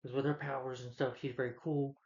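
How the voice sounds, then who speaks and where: A man's voice: mid-range voice, little pitch movement, fairly quick, a little mellow, dull audio. A man giving a casual, opinionated movie review, rambling with many restarts and fillers.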